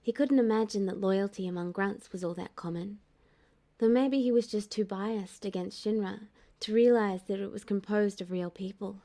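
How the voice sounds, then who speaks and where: A woman narrating a fan-fiction audiobook in a calm, even storytelling manner. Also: mid-range voice, normal speed.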